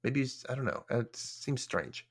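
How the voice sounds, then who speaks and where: A man's voice: mid-range voice, expressive, unhurried, slightly rough. A man hosting a podcast, casually recapping a TV episode in a chatty way, full of filler words and casual swearing. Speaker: podcast host.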